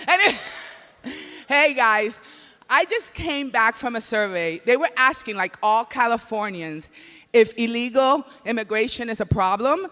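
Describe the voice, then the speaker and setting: Bright, flirty female emcee. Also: on the high side, lively intonation, a little slow, big-room sound. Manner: loud, flirty and playful with the audience. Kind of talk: hyping up the crowd between acts. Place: large hall at an awards show.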